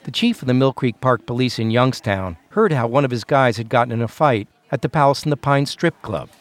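A man's voice: mid-range voice, expressive, brisk. Male narrator of a true-crime podcast. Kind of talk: scripted narration.

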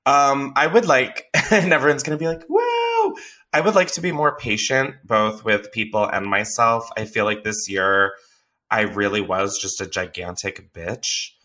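A man's voice: fairly low pitch, moderate pace, sharp tone. A young man hosting a podcast, chatting candidly with lots of swearing and laughter. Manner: candid, profane, laughs often. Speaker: podcast host. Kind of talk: casual chat.

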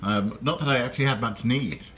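A man's voice: medium pitch, fairly quick, fairly bright tone, a little hiss or hum. A man hosting a casual chat over a restaurant meal, telling wry, self-deprecating stories. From London. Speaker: host. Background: cutlery and dishes clattering.

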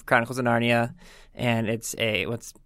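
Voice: medium pitch, steady tone, moderate pace, fairly bright tone, no room sound. A speaker in a casual group chat about books, chatty and teasing, with many fillers. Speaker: book discussion co-host.

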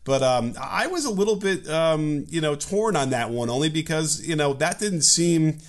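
A man's voice: a little high, lively intonation, moderate pace. Joking male co-host from Chicago. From Chicago, USA. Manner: joking, rambling with fillers. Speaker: podcast co-host. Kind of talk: casual political chat.

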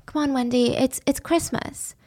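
A woman voicing a young man who coaxes and calms his girlfriend. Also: sits high, moderate pace. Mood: coaxing. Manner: calming, persuasive. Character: young man, coaxing and soothing boyfriend.

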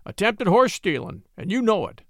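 A man voicing a blustering small-town deputy in a story reading, gruff at first and easily cowed. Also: high voice, sing-song, moderate pace, a bit bright, no echo, studio quality, voice pushed up. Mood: bossy. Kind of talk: audiobook character voice.

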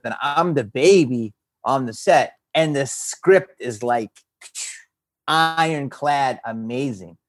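A man with a Philadelphia accent, an actor and comedian talking casually as a guest, animated and swearing freely. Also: on the high side. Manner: animated, swearing, slips into a Philly voice. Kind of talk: casual interview chat.

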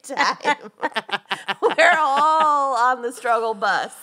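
A woman's voice: sits high, animated, drawn-out words, sharp tone. Giggly woman co-hosting a chatty podcast. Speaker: podcast co-host. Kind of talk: casual chat.

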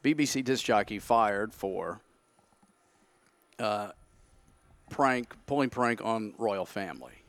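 A man's voice: on the low side, lively intonation, slow, pauses often, a bit bright, no room sound. A man, a podcast guest, telling his side of a story candidly and acting out his own thoughts in quotes.

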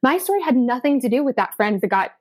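A podcast guest and author from Denver, USA, she has a high voice with big pitch swings and talks fast. Her storytelling is chatty and casual, loaded with "um" and "like."

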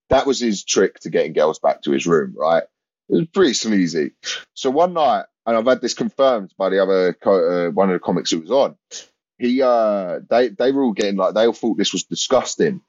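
Low-voiced man telling comedy-club stories. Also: lively intonation, fairly quick, darkish tone, dry recording, muffled recording. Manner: rambling, laughing storyteller with restarts and swearing. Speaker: comedian guest. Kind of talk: casual anecdote telling.

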